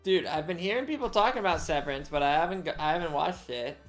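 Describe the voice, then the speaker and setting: A man's voice: on the high side, quick pace, faint music behind. A man playing a survival game with a friend, laid-back and hesitant, often laughing. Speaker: fellow player in a survival game. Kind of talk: casual gaming chat.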